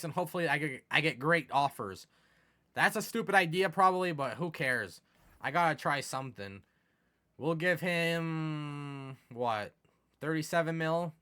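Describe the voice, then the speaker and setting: Young man, gaming commentator, bright higher voice, excitable, casual. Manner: excitable, swings from mumbling to exasperated yelling.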